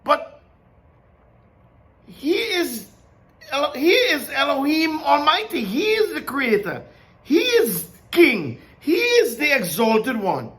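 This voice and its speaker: A man's voice: very high voice, wildly swooping pitch, slow, fairly bright tone. A man giving an informal Bible teaching. He talks in a conversational way, asks many questions and laughs often. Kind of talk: informal sermon.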